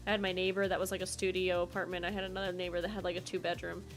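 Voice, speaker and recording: A young woman streaming a game, chatting casually and telling a rambling, animated story full of fillers. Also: fairly low pitch, rapid-fire, faint music behind. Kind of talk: casual gameplay chat and storytelling.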